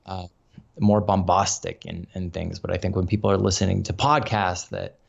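A man's voice: low-pitched, steady tone, normal speed, gravelly. A man talking as a guest on a sports podcast, chatting casually and complaining with exasperation. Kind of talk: casual chat. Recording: dull lo-fi audio.

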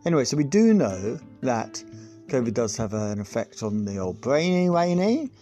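A man's voice: mid-range voice, very animated, normal speed, mellow, soft background music. A man hosting a podcast, delivering a sarcastic, sweary comic monologue on politics, full of rambling asides. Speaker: podcast host.

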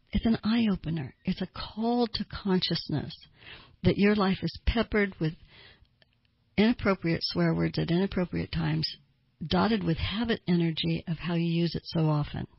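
A woman's voice: fairly low pitch, gravelly, slightly rough, no room sound. A woman therapist giving advice in an earnest way, asking listeners pointed rhetorical questions. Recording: dull lo-fi dry recording.

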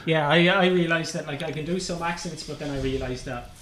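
A man, a guest in a casual interview, trading jokes and quick banter. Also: fairly high pitch, heavy background noise. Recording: crowd chatter behind.

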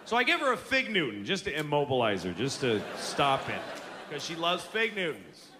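On stage at a theater, this forties-aged comedian tells his stories with exasperation and plenty of profanity. His fairly high voice swings widely in pitch at a moderate pace. Crowd and room noise fill the live show.

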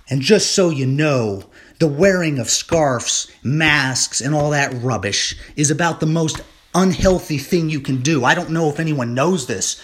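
A man from the United States delivering a political rant on his vlog, rambling with many fillers and restarts and rising into indignant shouting. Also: fairly high pitch, a little slow, slight background noise. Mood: furious. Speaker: political commentator.

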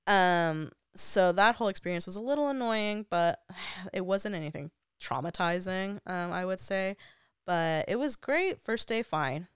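A woman's voice: lowish voice, animated, unhurried, clear, resonant tone, no room sound, clean studio sound. A young woman vlogger telling a personal story in a casual, chatty way, full of "like" fillers and frequent laughs. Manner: laughs often while talking.

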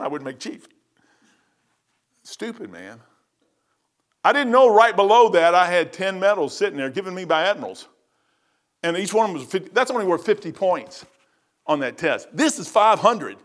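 A man's voice: high voice, fairly bright tone. A middle-aged man preaching informally, telling personal stories in an emphatic, folksy way.

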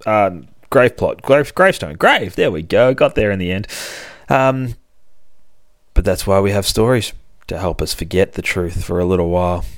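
A man's voice: sits low, clear, resonant tone, no room sound, studio quality. A man hosting a podcast, casually recapping a horror comic in a profane, rambling way and reading out the characters' lines. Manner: profane, rambling, acts out quotes. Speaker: podcast host.

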